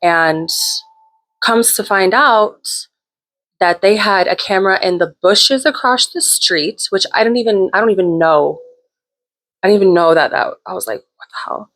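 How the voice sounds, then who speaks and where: A woman's voice: mid-range voice, a little slow, fairly bright tone. A woman hosting her own show, telling a personal story in a candid, chatty way with plenty of swearing. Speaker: host. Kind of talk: casual storytelling.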